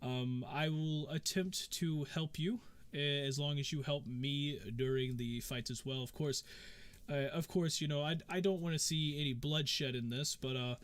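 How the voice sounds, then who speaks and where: A man voicing a courteous male arena companion who speaks formally and politely, with halting restarts. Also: on the high side, clear, resonant tone, voice pushed down, lightly acted. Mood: earnest.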